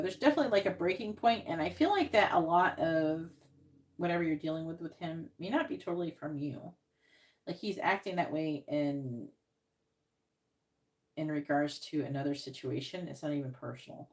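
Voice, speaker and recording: A woman's voice: low-pitched, normal speed. A woman giving psychic readings on a live stream, talking casually and rambling with many restarts, into earbuds.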